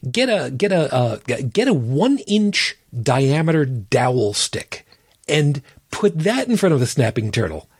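A man's voice: mid-range voice, very animated, measured pace, slightly rough, no room sound, clean studio sound. A man co-hosting a casual podcast panel chat, blunt and profane as he explains his point. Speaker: podcast co-host.

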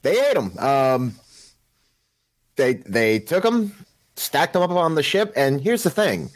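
A man co-hosting a casual podcast panel chat, telling a story in a lively way. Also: on the high side, slow pace. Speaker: podcast co-host.

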